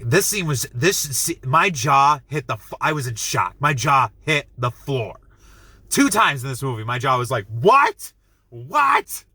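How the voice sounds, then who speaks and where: Male movie reviewer, chatty plot recap, bright tone, breaks into excited outbursts. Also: medium pitch. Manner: excitable, acts out quotes, many likes and restarts. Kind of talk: casual spoilery plot recap.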